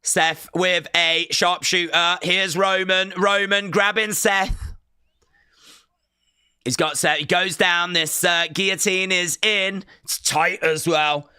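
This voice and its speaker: A man hosting a live watch-along stream, reacting excitedly and repeating himself, shouting out counts and big moves. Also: a little high, slow pace, smooth, no room sound, studio quality.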